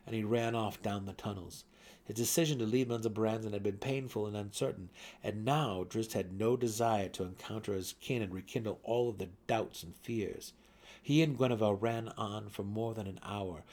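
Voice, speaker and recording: A man giving a dramatic reading of a fantasy novel, swelling louder and sinking to hushed tones, with a husky voice. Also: lowish voice, slight background noise. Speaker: audiobook narrator.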